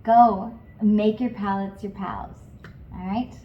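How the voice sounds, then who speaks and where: Woman vocal coach, calm encouraging guidance, mid-pitched voice, roomy and slightly dull recording. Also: slow pace. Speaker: singing teacher. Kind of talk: guided vocal lesson.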